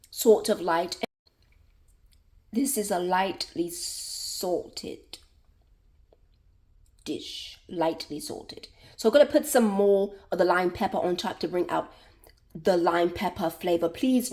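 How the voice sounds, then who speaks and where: A woman's voice: mid-range voice, warm tone. A woman talking casually as she cooks in her own video, chatty and repetitive, often saying "y'all". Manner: chatty, repeats words, laughs, says "y'all". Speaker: cooking vlogger.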